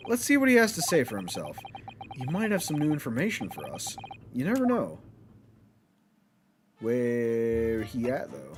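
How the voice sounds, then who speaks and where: A man casually commenting while playing a game, with laid-back mumbled asides, game music behind. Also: medium pitch. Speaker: streamer.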